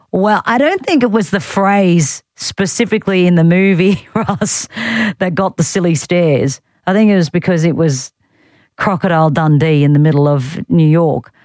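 A woman's voice: on the low side, a little mellow, dry recording. An Australian woman hosting talkback radio, chatting in a wry, teasing way and reading out listener texts. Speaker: radio host. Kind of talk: casual talkback radio chat. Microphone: studio microphone.

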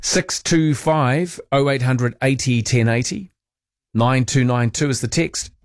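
A man hosting an overnight radio talk show in a relaxed, chatty way, reading listener texts aloud. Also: mid-range voice, unhurried, dry recording, clean studio sound. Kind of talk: casual late-night radio chat. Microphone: studio microphone.

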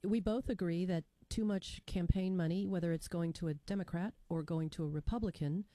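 A female radio host with a mellow, warm voice, patiently pressing a caller to answer her question. The sound is dry and close. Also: on the low side, brisk, dry recording. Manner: patient, keeps steering caller back to the question. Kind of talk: call-in radio chat.

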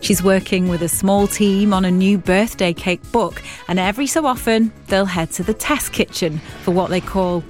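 A woman radio presenter narrating a history documentary in a crisp, lightly playful scripted style. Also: medium pitch, normal speed, few pauses. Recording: soft music beneath.

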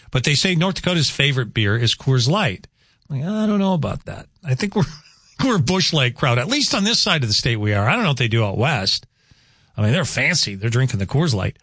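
A chatty male radio host, rambling through weather and banter with animated asides. His voice sits at an ordinary middle pitch. It is recorded close and dry on a studio microphone. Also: no echo. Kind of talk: casual morning radio chat.

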